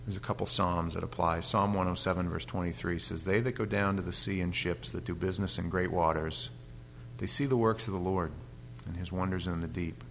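A male pastor giving an animated sermon with humorous stories and frequent restarts. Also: sits low, brisk, vocal fry, a little hiss or hum.

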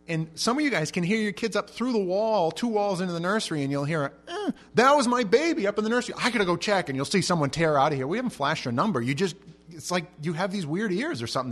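A male pastor delivers a sermon as animated storytelling, his pitch and loudness swinging widely. He tends to repeat words as he begins sentences.

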